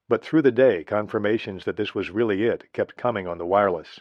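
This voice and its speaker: Man, lowish voice, audiobook narrator, measured history reading, dry muffled sound. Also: dry recording. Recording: dry, slightly dull lo-fi recording.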